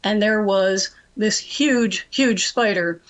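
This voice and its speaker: A middle-aged woman is a guest on a talk show and tells a story in a chatty, lively way. Her voice sits at a middle pitch. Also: slow. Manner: chatty, animated storyteller, laughs often. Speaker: radio guest, trading coach.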